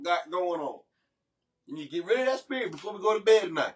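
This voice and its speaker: Animated man co-host, higher voice. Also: quick pace, far from the mic. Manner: animated, mock-indignant, preachy. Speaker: podcast co-host. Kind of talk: casual banter with spouse.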